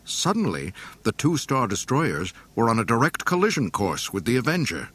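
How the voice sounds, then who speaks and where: A man reading a storybook aloud in a dramatic, expressive way. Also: mid-range voice, moderate pace, breathy edge. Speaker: narrator. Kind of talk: storybook narration.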